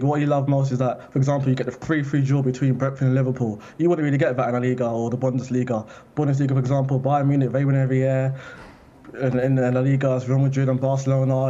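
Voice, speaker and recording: A man giving his opinions as a football journalist on a panel, in a measured way. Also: medium pitch, mellow, highs cut off. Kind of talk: studio panel chat.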